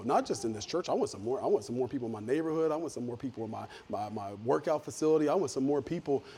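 A middle-aged man, a pastor preaching a sermon, telling stories in a folksy way with lively swings in loudness. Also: mid-range voice, a little hiss or hum.

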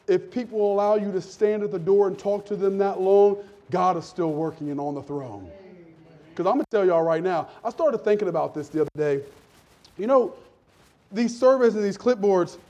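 A man preaching a lively, conversational sermon in a church, calling out to the congregation. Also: fairly high pitch, lo-fi sound. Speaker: pastor.

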